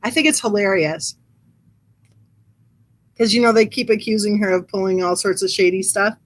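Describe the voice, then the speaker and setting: A woman's voice: mid-range voice, moderate pace. A woman hosting a casual livestream, chatting in a rambling, amused way and reading comments from the live chat. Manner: reads live chat aloud. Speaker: true crime channel host.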